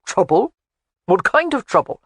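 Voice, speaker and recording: Old Highland man, gruff and teasing, voiced by the audiobook narrator; animated delivery, dry studio sound. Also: unhurried, dry recording, heavily acted. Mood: scolding. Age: older. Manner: blunt, scolding, folksy. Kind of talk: audiobook character voice.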